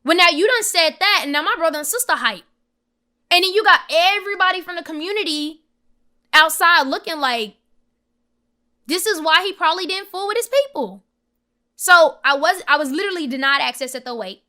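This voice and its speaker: A young woman, a podcast guest, telling an emotional personal story in an animated, emphatic way and acting out the voices of the people in it. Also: very high-pitched, brisk.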